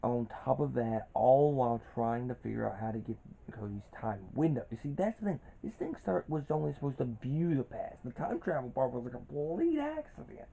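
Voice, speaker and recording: Guy in his 20s, super dark mellow voice, rambly casual review, lots of restarts, kinda dull lo-fi sound. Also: mid-range voice, sing-song, a little fast, creaky, hardly any pauses. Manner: rambling, with frequent restarts and fillers. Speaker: cartoon reviewer. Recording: dull lo-fi recording.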